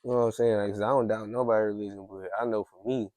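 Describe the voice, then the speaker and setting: A man's voice: fairly low pitch, fairly even intonation, very fast, warm tone. A man hosting a podcast, telling a story in a casual, rambling way with lots of restarts. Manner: rambling, heavy use of "like", frequent restarts. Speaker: podcast host.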